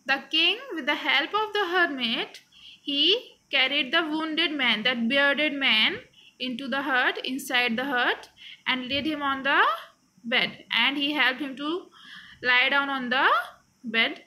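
A woman teaches a story, reading each line and then explaining it again in plain words. Her voice sits high and bright. She takes an unhurried pace. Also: rough recording. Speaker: English teacher.

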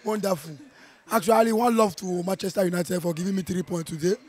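A Nigerian man with a strained voice from shouting, reacting to a football match in an animated, playful way, slipping into Pidgin. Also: high voice, a little fast. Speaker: football fan. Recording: outdoor viewing center.

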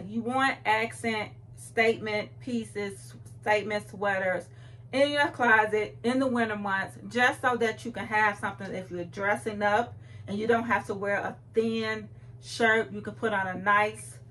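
A woman's voice: mid-range voice, a bit bright, slight background noise. A young adult woman, chatting playfully to camera about clothes, recorded on a phone at home. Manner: chatty, playful, talks straight to viewers. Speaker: fashion vlogger. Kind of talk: casual chat to camera.

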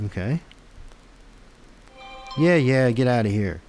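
A man's voice: mid-range voice, lively intonation, measured pace. Man muttering through buggy app testing. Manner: muttering, frustrated, talks to himself while debugging; rambling, self-deprecating asides. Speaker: app developer vlogger. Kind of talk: casual screen-recorded tech vlog.

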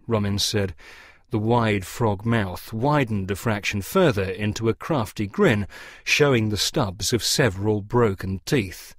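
A man narrating an audiobook story for English learners, reading in a measured, expressive way. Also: fairly low pitch, no room sound, studio quality.

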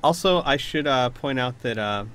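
A man narrating a tabletop game as game master, relaxed, with fillers and laughs. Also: mid-range voice, moderate pace, smooth.

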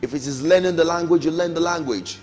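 A man's voice: a little high, fast talker, darkish tone. A middle-aged man teaching a Sunday school Bible lesson, emphatic, with rising calls and falling amens. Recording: long hall reverb, faint music.

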